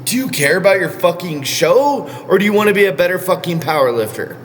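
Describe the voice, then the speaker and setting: A man's voice: high-pitched, animated, brisk, fairly bright tone, a little hiss or hum. A man coaching powerlifters in a casual vlog rant, blunt and scolding, swearing constantly. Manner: blunt, heavily profane, scolding.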